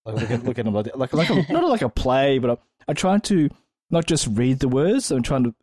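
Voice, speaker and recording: A man co-hosting a casual chat podcast, telling stories in an animated way with halting restarts and laughter. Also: medium pitch, breathy edge, dry recording. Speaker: podcast co-host.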